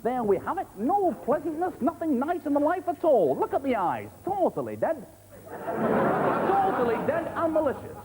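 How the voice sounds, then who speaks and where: A man's voice: very high voice, huge pitch swings, normal speed, a loud crowd, pitched above the performer's own voice, exaggerated voice. A man playing a sinister, smarmy TV game show host with menacing showman patter. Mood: mock-sinister. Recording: noisy old TV tape.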